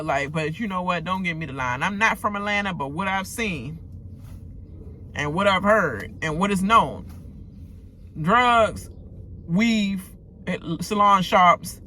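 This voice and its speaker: A woman giving a casual, profane, animated rant recapping a reality TV episode, with joking asides. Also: mid-range voice. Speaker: TV recap vlogger.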